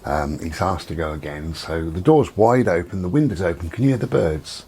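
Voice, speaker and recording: Deep husky guy rambling on, casual vlog chat, lots of ums. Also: normal speed. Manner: rambling, relaxed, chatty with many ums. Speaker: vlogger. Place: at home with door and window open.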